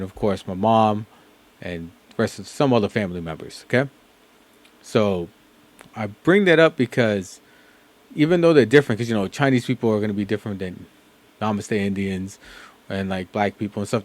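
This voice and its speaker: A man's voice: lowish voice, dry recording. A man hosting a reaction video, talking in a rambling, casual way with fillers and profanity. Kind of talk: casual commentary.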